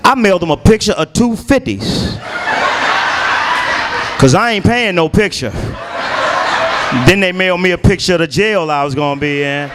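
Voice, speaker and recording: A middle-aged man from Washington, D.C., doing a stand-up comedy set in a loud, punchy, profane way. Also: high voice, expressive, normal speed, pauses often, heavy background noise. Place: comedy stage.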